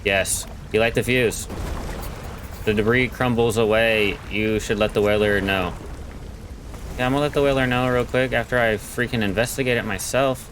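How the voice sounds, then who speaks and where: A man's voice: lowish voice, fairly even intonation, moderate pace, fairly bright tone, a little hiss or hum, poor audio. A man casually commenting on a game he's playing, slangy and joking. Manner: slangy, laid-back, joking. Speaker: gaming channel host. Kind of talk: casual let's play commentary.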